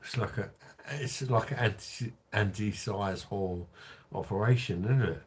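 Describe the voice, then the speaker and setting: Deep, slow drunk man. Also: husky. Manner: crude, rambling, reads out chat comments. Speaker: livestream host. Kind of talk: drunken livestream chat.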